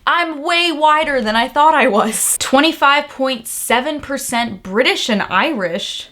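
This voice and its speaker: Young woman, casual vlog, excitable, candid, cursing, somewhat high-pitched. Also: moderate pace. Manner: candid, excitable, swears freely. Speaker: vlogger.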